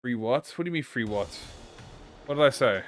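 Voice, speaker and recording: A young man chats on a live stream as he plays a game, his voice jumping all over the place as he swears and stumbles through restarts. He keeps insisting to chat that he's not upset. Game music plays clearly behind him. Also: mid-range voice, brisk, no room sound. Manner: excitable, swears a lot, jumps to deny being upset; rambling, stammering restarts. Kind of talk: casual live-stream chat while gaming. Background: game music playing.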